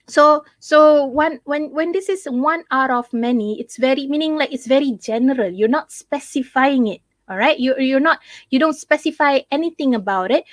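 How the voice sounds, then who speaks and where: A woman's voice: high voice, no room sound. A young Malaysian woman teaching English in a live online class, chatty and mixing in Malay, who keeps checking in with "okay?".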